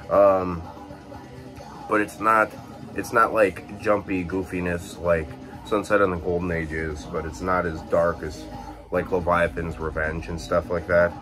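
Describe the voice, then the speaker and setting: Having just woken up, a relaxed young man with a very deep voice chats casually about his collection. He's from Illinois, and he keeps using fillers and correcting himself quickly while some faint music plays behind him.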